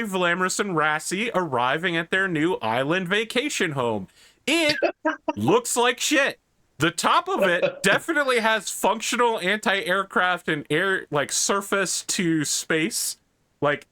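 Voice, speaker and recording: A man runs a tabletop role-playing game, narrating scenes in a casual, vivid way full of "like"s. His voice sits a little high and bright. The sound is dry and close. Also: no echo. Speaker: game master.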